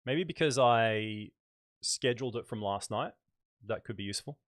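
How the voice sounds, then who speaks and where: An Australian man with a light accent hosts a casual photography livestream, chatting in a relaxed way and thinking aloud with fillers. His mid-range voice moves at normal speed, and the studio-quality audio has no echo.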